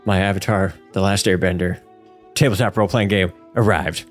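A man co-hosting a casual podcast, chatting with excited, geeky enthusiasm and frequent laughter. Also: deep voice, fairly quick, faint music behind. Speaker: podcast co-host. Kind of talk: casual chat.

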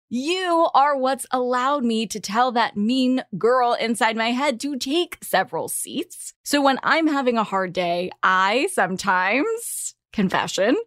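A woman hosts her own podcast in a higher voice, earnest and thankful, dropping in playful asides. She speaks into a close studio mic. The sound is dry, with no room around it. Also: no room sound. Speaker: podcast host. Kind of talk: scripted podcast address.

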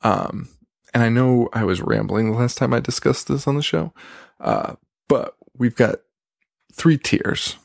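A man hosting a podcast on his own, rambling casually in a half-quiet voice with lots of fillers and a self-deprecating streak. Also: medium pitch, animated, a little slow, vocal fry, no echo, studio quality. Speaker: podcast host. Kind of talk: casual solo podcast chat.

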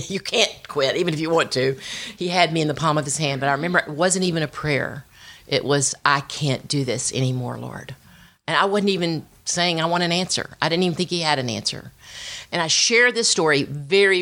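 A middle-aged woman, giving a personal testimony and telling it with animated storytelling, acting out family voices. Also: low voice. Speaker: speaker sharing her testimony.

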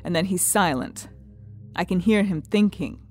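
An actress playing a blunt, matter-of-fact young Estonian immigrant woman in a radio drama, speaking halting, broken English with an Estonian accent and searching fillers. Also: fairly low pitch, faint music behind, close to an everyday voice.

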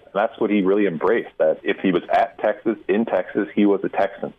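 A man with a deep voice talks through a phone connection that sounds thin and boxy. He breaks down college football questions carefully, stressing his key points. It is the tone of a seasoned insider on call-in radio. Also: husky. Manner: measured, emphatic analysis. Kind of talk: radio interview answers. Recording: tinny phone line.

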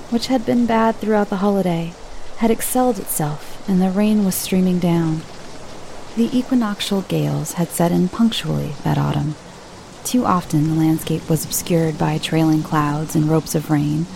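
Woman reading a spooky story aloud, calm and even, mellow voice, bit of background hiss. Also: fairly low pitch, creaky, low-quality recording. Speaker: narrator. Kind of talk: storybook narration.

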